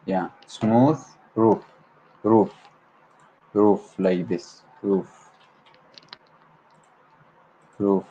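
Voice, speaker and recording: Low-voiced guy, arabic native, livestreaming english word practice, keeps repeating words, faint hiss in the background. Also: steady tone, very slow, pauses often, warm tone, muffled recording. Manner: repeats words over and over, stumbles and corrects himself. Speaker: language learner hosting a livestream. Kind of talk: solo livestream vocabulary practice.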